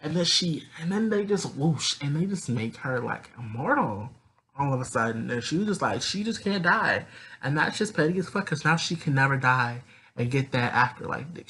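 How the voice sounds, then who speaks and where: A man's voice: medium pitch, sharp tone, slight background noise. A man casually recapping a story episode in a sassy, profane, rambling way. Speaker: recap vlogger.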